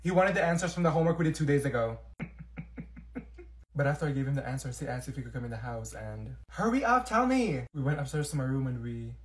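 A man's voice: medium pitch, a little mellow. A young man acting out school comedy skits, switching between blunt, sassy characters. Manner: sassy, blunt, quick-shifting voices.

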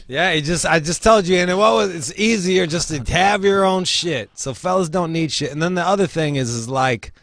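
Profane, animated male show host. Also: a little high, moderate pace, few pauses. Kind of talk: casual podcast chat.

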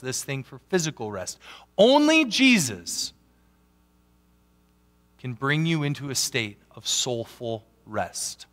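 A man preaching a sermon as a pastor, animated, swinging from loud emphatic peaks down to quiet asides. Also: mid-range voice. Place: church sanctuary. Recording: long church hall reverb.

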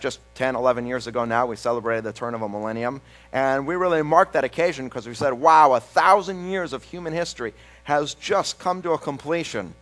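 A man pastor reading a psalm aloud and then preaching a sermon, slowing down and pausing for emphasis. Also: mid-range voice, a bit bright, low-quality recording. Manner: reads scripture then preaches with slow, emphatic pauses.

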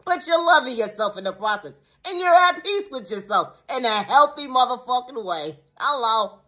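A woman vlogger ranting to the camera in a casual monologue, laughing often between phrases and swearing heavily. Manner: calm lower-voiced affirmations in the closing sign-off.

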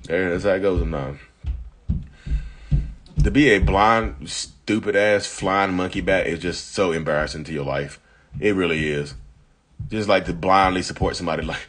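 Brief: male live-stream host, deep and husky, blunt and chatty with viewers, getting over an illness. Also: normal speed, long pauses, fairly bright tone. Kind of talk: casual live chat reading viewer comments.

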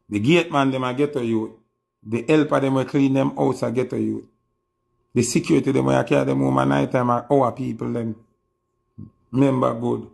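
A Jamaican man speaks on a live stream, delivering slow, emphatic warnings. His mid-pitched voice carries a gravelly fry throughout. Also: fairly even intonation, darkish tone.

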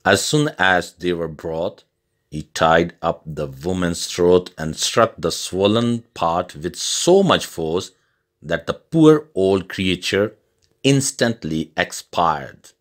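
A man reading a storybook tale aloud as scripted narration for English learners, slow and deliberate. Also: deep voice, animated.

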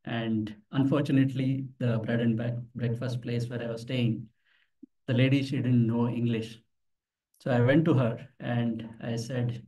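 This meetup presenter runs a live tech demo in an office meeting room, chatting informally, telling stories, and asking the crowd questions. His warm, mid-range voice barely shifts in pitch and moves along unhurriedly, captured from far away from the microphone.

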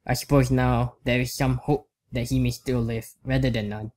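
A man voicing a worried old dark elf father who speaks gravely and pleads for his son. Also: medium pitch, flat delivery, moderate pace, close to an everyday voice. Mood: pleading.

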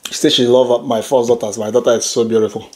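A man's voice: medium pitch, little pitch movement, fast talker, darkish tone. A man hosting a casual family eating video at home, teasing his daughter and laughing often while he eats. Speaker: father and channel host. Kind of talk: casual family mukbang chat.

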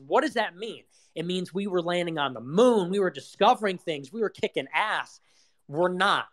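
A young man with a fairly high voice talks in a loose, rambling way. He fires off rhetorical questions, swears freely and builds a casual political monologue as the host of an audio chat room. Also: a bit bright.

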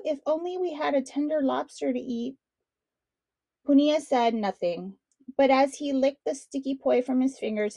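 A woman's voice: fairly high pitch, mellow, dry recording. A woman reading a children's picture book aloud as a read-along host, in a friendly storytelling manner. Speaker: storybook reader.

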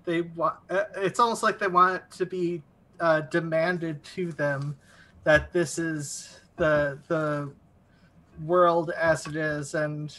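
A man's voice: a little high, steady tone, slow, bright, forceful tone, low-quality recording. A man guest in casual chat, talking in a thoughtful, hesitant way.

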